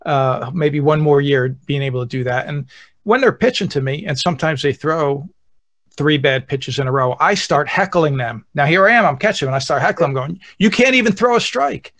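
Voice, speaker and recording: A man's voice: fairly high pitch, moderate pace, a bit bright. A man hosting a podcast, chatting casually and chiming in agreeably with short replies. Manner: agreeable, chimes in with short affirmations. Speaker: podcast host. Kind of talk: casual interview chat.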